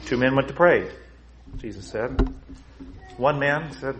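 Emphatic preaching man, mid-pitched. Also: expressive, brisk, pauses often, background noise. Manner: emphatic preaching with big swings in pitch and loudness; asks rhetorical questions of the congregation. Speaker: pastor. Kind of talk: sermon.

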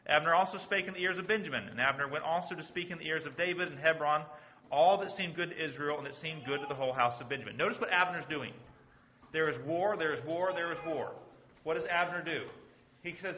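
A man's voice: a little high, quick pace. A man preaching a sermon, earnest and pleading, with a habit of repeating phrases. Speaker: pastor. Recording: roomy, slightly dull sound.

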